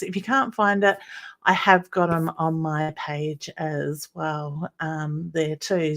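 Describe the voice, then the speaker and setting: An Australian woman hosts a live stream in an unhurried, meandering way, greeting viewers one by one and calling them honey. Her voice sits a little low, and she fills gaps with ums and uhs. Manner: rambling, with many ums and uhs. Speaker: psychic medium hosting a weekly live stream. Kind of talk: live-stream chat, reading viewer comments aloud.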